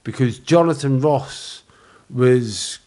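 A man in his forties with a Liverpool accent, a comedian telling animated anecdotes in a casual podcast chat, acting out the other people's voices and swearing freely. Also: mid-range voice, slow pace. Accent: Liverpool (Scouse). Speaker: comedian guest.

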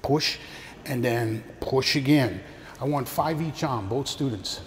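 Slowly and in a medium pitch, an older man teaches a karate seminar, explaining techniques and talking students through drills with partners. A little hiss or hum sits under the echoey hall's long reverb and faint ambience.

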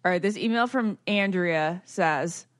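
A woman co-hosting a podcast, chatting casually and reading listener emails aloud in an animated way. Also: fairly low pitch, a little slow, no echo, clean studio sound. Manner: lively, reads stories aloud with animation. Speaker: podcast co-host.

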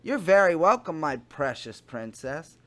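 A man playing a smarmy adult man sweet-talking online, with a slow, doting, syrupy delivery. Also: on the high side, big pitch swings, fairly bright tone, pitched below the performer's own voice.

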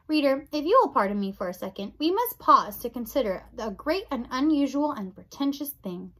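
A woman reading a children's novel aloud in an expressive storybook narration. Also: high-pitched, brisk, few pauses, poor audio. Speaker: audiobook reader.

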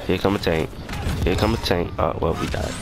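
A young man giving casual, excitable gameplay commentary, yelping and cussing at the game. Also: low-pitched, a little fast, vocal fry, over music. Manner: excitable, yelps and cusses at the game. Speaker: gaming YouTuber.

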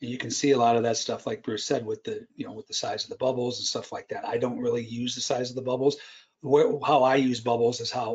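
A man's voice: mid-range voice, highs cut off. A man who is a futures trader, presenting a live trading webinar and explaining step by step, often checking in with "right?".

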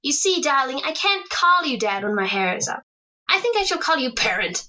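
A woman's voice: sits high, big pitch swings, moderate pace, bright, forceful tone, highs cut off, full character voice. Woman playing a bubbly, adoring teenage daughter. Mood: playful teasing. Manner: bubbly, teasing, affectionate. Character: playful, adoring teenage daughter putting her hair up. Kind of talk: radio drama acting.

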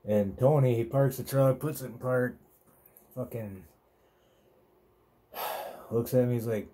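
Very dark-voiced man telling stories. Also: mid-range voice, takes it slowly, pauses often. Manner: rambling, profane, laid-back. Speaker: podcast host. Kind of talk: casual storytelling monologue.

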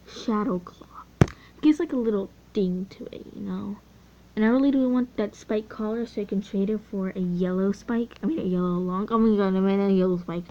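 A teenage girl chatting casually over gameplay, easily excited and often trailing off mid-sentence. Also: medium pitch, slight background noise. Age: teens. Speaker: gaming channel host. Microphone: phone mic. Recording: dull lo-fi phone audio.

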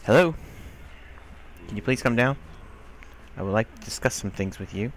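A man's voice: mid-range voice, expressive, normal speed, a little hiss or hum. A man commenting casually on a game he is playing, grumbling and scolding the characters on screen. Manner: exasperated, grumbling, talks to game characters, mild swearing. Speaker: gameplay commentator. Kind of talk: casual let's-play commentary.

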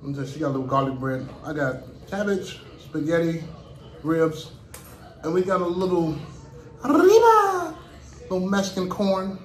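A man's voice: fairly high pitch, normal speed. Laid-back Chicago man, echoey room. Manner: laid-back, keeps saying "you know what I'm saying". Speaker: host, grandfather. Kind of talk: casual mukbang chat.

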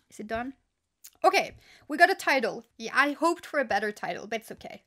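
A young woman chatting casually and reading stories aloud on her channel, giggly and excitable. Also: a little high. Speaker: YouTuber. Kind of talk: casual vlog chat and story reading.

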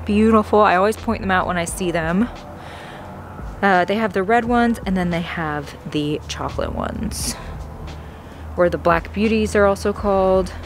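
A woman's voice: medium pitch, moderate pace, a little hiss or hum. A woman vlogging a plant shopping trip in a store, gushing and gasping with delight, often dropping to an awed whisper. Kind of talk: excited shopping vlog. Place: big box store garden section.

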